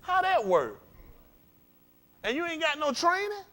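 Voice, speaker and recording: High, lively preacher man. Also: unhurried. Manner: emphatic, repetitive, call-and-response preaching. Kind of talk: fiery sermon.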